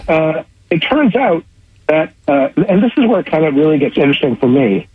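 A man's voice: fairly high pitch, very animated, fairly quick, breathy edge, phone-quality sound. A man being interviewed as a radio guest, an eager storyteller who spins long anecdotes and acts out his own reactions.

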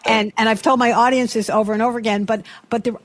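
A woman's voice: a little high, fairly even intonation, fast talker. A woman hosting an interview who talks in an earnest, emotional way and repeats her words. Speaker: interview host. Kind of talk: conversational interview.

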